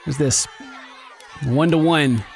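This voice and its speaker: A man giving excited let's-play commentary, giggling, yelping and shouting as he plays. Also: fairly high pitch, slow pace, gravelly, soft background music, some chatter behind. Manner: giggly, exclamatory, yelps and shouts. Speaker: gaming video host.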